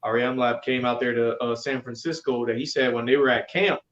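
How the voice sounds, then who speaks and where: A man telling a story in casual chat, halting and leaning on fillers. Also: medium pitch, fairly even intonation, fairly bright tone. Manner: halting, many "you know" fillers. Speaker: religious group member. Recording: roomy, dull sound.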